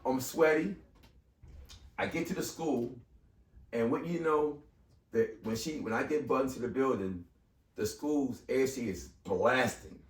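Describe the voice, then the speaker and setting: Animated storyteller man in an echoey room. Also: medium pitch, measured pace, pauses often. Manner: animated, acts out quoted voices. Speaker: podcast guest. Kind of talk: storytelling in casual conversation. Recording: echoey room, mic far off.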